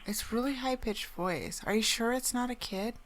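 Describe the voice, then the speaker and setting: A woman's voice: a little high, normal speed, very noisy. A woman co-hosting a casual podcast chat, laid-back and teasing. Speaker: podcast co-host. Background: dogs in the room.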